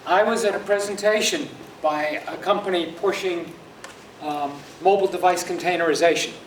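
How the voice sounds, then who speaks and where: A man telling an animated, sarcastic story at a user group meeting in an office room. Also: sits high, moderate pace. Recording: distant echoey room, background hum.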